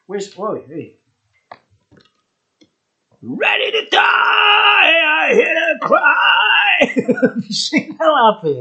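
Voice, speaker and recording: A man's voice: on the high side, fairly bright tone. A man casually reviewing a beer on his vlog, chatty and enthusiastic, rambling with laughs. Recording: dull lo-fi recording.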